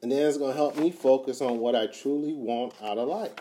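A man giving a motivational talk, emphatic and repetitive, swinging from quiet to loud. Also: medium pitch, a little fast, a little hiss or hum. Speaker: motivational speaker.

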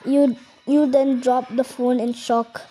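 A young woman co-hosting a podcast, reading a scary story slowly and carefully with small stumbles. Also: sits high, little pitch movement, dark tone, rough recording. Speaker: podcast co-host. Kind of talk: casual chat and reading aloud.

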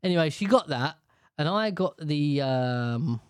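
This man's tone is slightly high, clear and resonant as he chats loosely with a co-host, hopping between topics and breaking into voices. The recording is close-miked and dry, free of room reverb.

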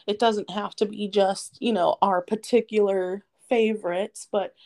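A woman's voice: mid-range voice, steady tone, a little slow, dark tone. Woman co-host chiming in supportively. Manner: supportive, brief agreeing remarks. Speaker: podcast co-host. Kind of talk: casual podcast chat.

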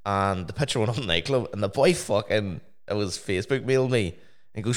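A young man in casual chat, swearing freely and telling stories with animated quoted voices. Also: fairly low pitch, a little fast.

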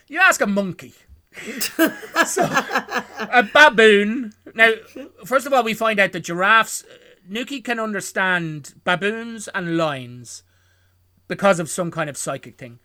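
A man's voice: high voice, animated, measured pace, pushed and bright, dry recording, clean studio sound. A man recapping a film plot for his podcast co-hosts in a rambling, self-correcting way, chuckling often. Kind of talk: casual chat.

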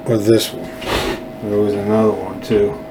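A man's voice: lowish voice, little pitch movement, moderate pace, noisy background. A man hosting a political podcast, rambling and sarcastic, with many fillers and restarts.

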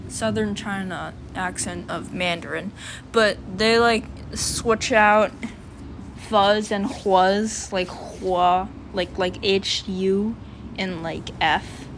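A chatty young-sounding woman talks on and on, stacking fillers and trying out speech sounds aloud. Her pitch sits in a middle range, and a faint hiss runs under the recording. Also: slow pace, a bit bright. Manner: chatty, filler-heavy, sounds out phonetic examples. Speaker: student vlogger. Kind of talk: casual rambling monologue.

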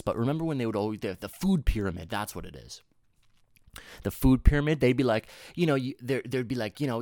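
A young man with a medium-pitched, darkish voice speaks to his viewers in a casual rant, recorded dry with clean studio sound. Talking solo, he swears often, rambles through restarts and laughs at his own jokes.

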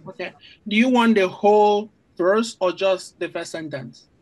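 A man's voice: high voice, measured pace, low-quality recording. A man joining a class online as a student, reading aloud and answering hesitantly. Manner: hesitant, unsure.

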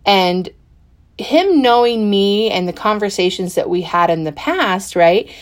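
A middle-aged woman recounts a memory in a loose, conversational way, with plenty of fillers and restarts. She acts out what people said, slipping into livelier tones for quoted lines. Her voice sits at an ordinary pitch for a woman. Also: measured pace. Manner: chatty, animated, many fillers and acted-out quotes. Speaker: podcast guest. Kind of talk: personal storytelling.

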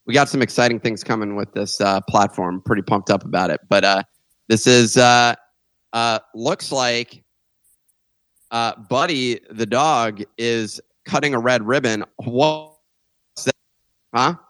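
A man's voice: medium pitch, a little slow, a bit bright, no echo. A joking man co-hosting a casual podcast, his voice sitting in a middle range. He laughs easily and trips over restarts. The mic is close and dry, with no room sound. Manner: jokey, laughs often, restarts. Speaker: co-host.

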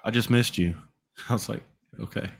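A man's voice: fairly low pitch, moderate pace, gravelly, breathy edge. A man hosting a casual podcast chat, telling crude anecdotes with bursts of laughter. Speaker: podcast host.

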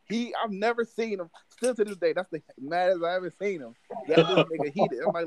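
A man co-hosting a podcast, telling stories in loud, profane casual chat with laughter. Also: sits high, brisk, hardly any pauses. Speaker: podcast co-host.

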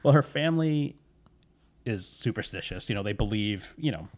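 Male podcast storyteller, slightly low voice, loose and self-correcting. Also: lively intonation, normal speed. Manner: rambling, many fillers, self-correcting. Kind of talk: casual storytelling chat.

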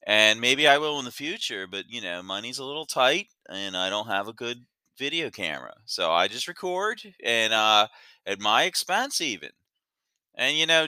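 A man talks alone into his podcast mic, rambling and tripping over words with self-deprecating asides. His voice is very bright and lively, and the sound is dry and close. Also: medium pitch, clean tone, no echo. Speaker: podcast host. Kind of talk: casual solo podcast monologue.

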